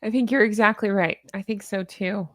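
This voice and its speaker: A woman hosting a casual interview, agreeable and quick to affirm her guest. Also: mid-range voice, steady tone, fairly bright tone, dry recording, studio quality. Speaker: host.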